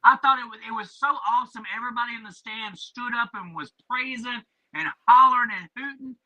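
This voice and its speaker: High, very bright animated man. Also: brisk, rough recording. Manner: animated storyteller, emphatic. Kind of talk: casual radio talk.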